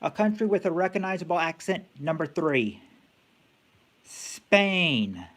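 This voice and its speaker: Halting man hosting a stream game. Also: high-pitched. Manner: halting, thinks aloud with many fillers and restarts. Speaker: game show host on a live stream.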